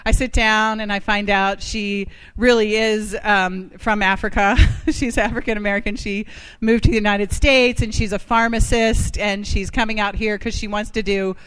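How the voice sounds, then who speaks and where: A woman's voice: medium pitch, fairly even intonation, moderate pace, a bit bright, clean tone. A woman from Ohio, the guest speaker at a faith gathering, telling candid stories about herself and leading a short prayer. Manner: candid, self-deprecating storytelling.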